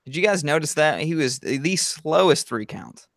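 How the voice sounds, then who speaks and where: A man's voice: a little high, expressive, normal speed, gravelly, fairly bright tone. A man co-hosting a casual podcast, chatting animatedly about wrestling and laughing often. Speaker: podcast co-host. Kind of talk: casual chat reviewing wrestling.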